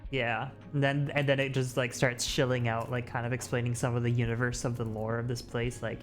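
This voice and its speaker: A streamer and artist in a casual, rambling livestream chat, often jumping into animated mock quotes. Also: medium pitch, brisk, hardly any pauses, soft background music.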